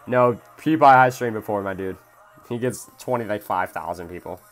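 A man's voice: on the low side, normal speed, soft background music. A young man live-streaming a mobile game, swearing at his phone and answering chat as he plays. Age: young adult. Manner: frustrated, swearing, reading chat aloud. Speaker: gaming streamer.

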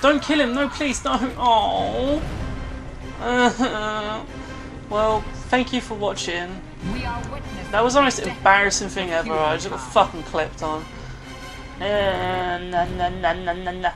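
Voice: medium pitch, fairly even intonation, slow pace, pauses often. A gamer giving live commentary on their own play, groaning often and swearing at opponents on screen. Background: game music.

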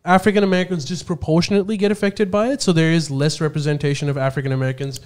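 A man co-hosting a podcast, explaining politics in a halting, filler-heavy way. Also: on the high side, fairly even intonation, darkish tone, clean tone. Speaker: podcast co-host.

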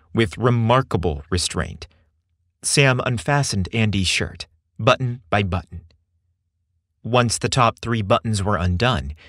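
Male narrator, low and lively, dry close sound. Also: no echo. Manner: expressive storytelling. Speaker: story narrator. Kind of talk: scripted narration.

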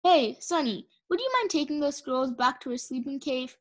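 A woman's voice: high-pitched, lively intonation, moderate pace, no room sound. A woman playing a defiant young dragon girl. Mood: determined. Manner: bristling, talks back. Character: bold defiant young female sea dragon.

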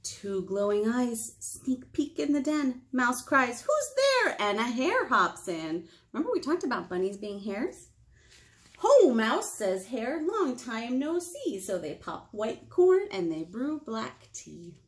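A woman librarian reading a picture book aloud to young children, gentle and encouraging. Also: a little high, big pitch swings, unhurried, few pauses. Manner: gentle, encouraging, sing-song. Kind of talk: storytime read-aloud for children.

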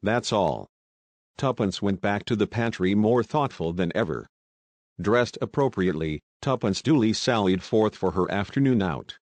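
A man narrating an audiobook in a steady, even reading voice. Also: on the low side, moderate pace, no echo. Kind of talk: scripted narration.

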